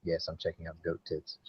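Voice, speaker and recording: Deep husky laid-back man. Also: no room sound, muffled recording. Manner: laid-back, laughs often, swears casually. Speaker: podcast host. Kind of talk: casual chat.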